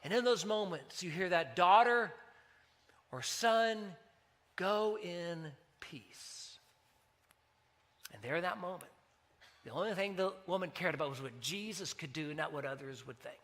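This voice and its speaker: A man's voice: on the high side, lively intonation, brisk, a bit bright. A man preaching a sermon as pastor, talking in a conversational way and telling stories with acted-out dialogue.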